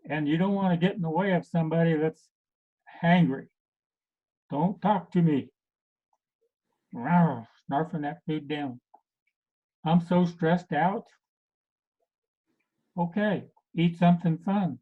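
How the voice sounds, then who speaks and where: A man acting as a health coach, giving a casual talk to a group and pausing often with many fillers. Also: on the high side. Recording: tinny phone-like recording.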